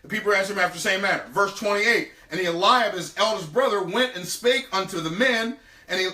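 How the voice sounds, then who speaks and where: A man delivers a sermon, restating old scripture in plain, lively everyday words. His voice sits high and bright, with a forceful edge. The room adds a noticeable echo, and he sounds a little distant from the microphone. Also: a little fast. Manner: animated, retells scripture in casual everyday talk. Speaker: preacher teaching on business and faith.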